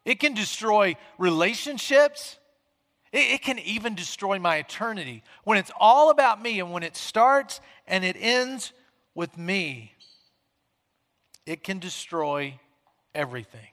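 A male pastor preaches in a casual, talky way, dropping low and quiet, then pushing up loud when he acts out the questions people ask. His voice sits high and sounds bright and forward. It rings out with a long reverb in the church hall. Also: expressive, a little slow. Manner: conversational, acts out quoted questions with shifting volume. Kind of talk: sermon.

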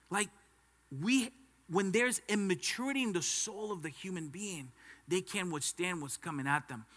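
A man's voice: fairly high pitch, pushed and bright. Male pastor, emphatic sermon delivery, call-and-response, piercing tone. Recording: long hall reverb.

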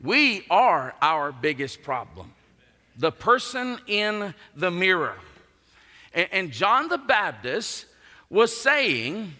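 A male pastor delivering a sermon in an earnest, emphatic way, his bright, fairly high voice leaping and falling with great animation. He takes his time over each phrase, and a long reverb from the large church hall trails behind every word. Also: sing-song, slow pace. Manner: earnest, emphatic preaching with dramatic rises and drops.

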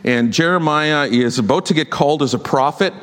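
A man preaching a sermon as a pastor, emphatic and exhorting his congregation with quick asides. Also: on the high side, a bit bright, a little hiss or hum. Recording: long hall reverb.

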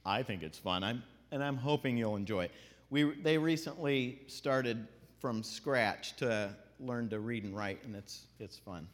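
A man teaching a group, animated, singing out drawn vowels to show how the pitch moves. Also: unhurried. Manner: animated, demonstrates tones by singing out long vowels. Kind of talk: classroom lesson. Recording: long hall reverb.

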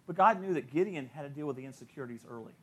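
A man's voice: fairly high pitch, lively intonation, rapid-fire, fairly bright tone. A middle-aged male pastor preaching a sermon, telling stories and acting out the people he quotes, often laughing at his own points.

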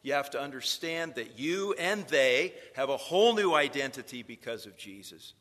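A man's voice: medium pitch, lively intonation, moderate pace, a bit bright, long reverb tail. A man lecturing future preachers in a sermon style, telling stories and building to emphatic points.

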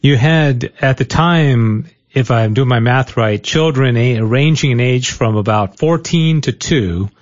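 A man's voice: medium pitch, unhurried, hardly any pauses, muffled recording. A man hosting an interview, asking long questions with many restarts. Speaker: interview host. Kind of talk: conversational interview.

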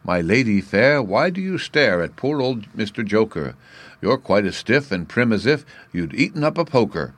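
A man's voice: medium pitch, expressive, measured pace, few pauses, fairly bright tone, no echo, pitched above the performer's own voice. A man doing a saucy little china clown. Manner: cheeky, rhyming.

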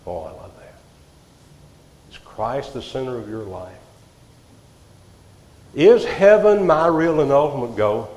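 A man preaching a sermon, swinging from loud outbursts to hushed, quiet lines. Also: medium pitch. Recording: echoey hall, reverb.

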